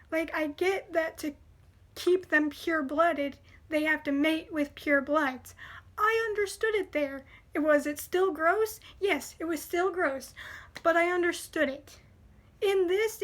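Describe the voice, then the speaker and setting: A woman's voice: extremely high pitch, a bit bright. A woman reviewing anime in casual chat, blunt and opinionated, with lots of "like" fillers.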